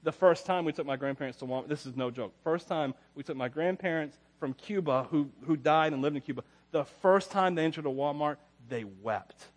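A man's voice: fairly high pitch, fairly quick, few pauses. A man preaching a casual, conversational sermon as a pastor, rambling through personal stories and chuckling often.

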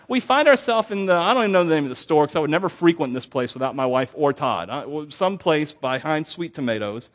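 Animated preacher man with a higher voice. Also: fast, hardly any pauses. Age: young adult. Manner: animated, self-deprecating storytelling with laughs. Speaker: pastor. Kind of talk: sermon.

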